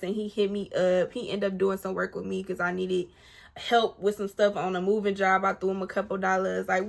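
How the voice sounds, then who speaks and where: A woman's voice: mid-range voice, vocal fry. A woman telling a personal story to her viewers, blunt and profane, acting out what others said. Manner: animated, blunt and profane, addressing viewers directly; acts out other people's lines mid-story. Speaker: storytime vlogger. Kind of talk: casual storytelling to camera.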